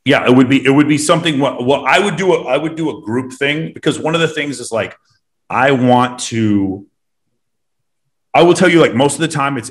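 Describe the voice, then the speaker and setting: A man hosting a casual podcast, talking bluntly and emphatically with lots of swearing. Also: medium pitch. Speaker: host.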